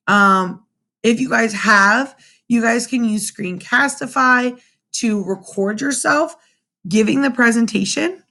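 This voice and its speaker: A young woman teaching a remote class from home through her computer's webcam, in a lively manner, often checking in with her students with "right?". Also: fairly high pitch. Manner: animated, addresses students directly with frequent "right?". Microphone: computer webcam mic.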